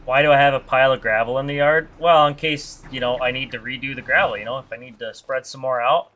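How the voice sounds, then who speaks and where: A man's voice: medium pitch, fairly even intonation, fast talker, a bit bright. A man chatting casually with his live-stream audience while playing a farming game, joking and reading the chat aloud.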